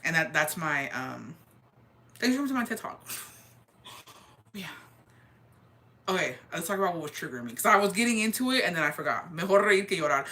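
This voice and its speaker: Woman, bright voice, animated casual storytime, swears, mixes in Spanish. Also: lowish voice, slight background noise. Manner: animated, quick, swears freely, slips into Spanish. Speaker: vlogger.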